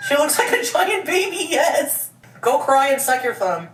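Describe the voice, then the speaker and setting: A woman's voice: high voice, sing-song, unhurried. A woman chatting on a livestream in a dramatic, defensive way, often laughing. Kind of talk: livestream chat. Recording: echoey, distant, noisy clip.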